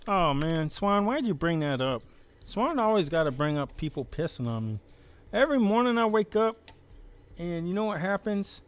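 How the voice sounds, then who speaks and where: A man's voice: high-pitched, big pitch swings, normal speed, clean tone, pitched above the performer's own voice. A man voicing a grimy, childlike grown man who lives in a dumpster and talks about himself in broken, third-person grammar. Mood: whiny. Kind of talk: improvised comedy voice on a live stream.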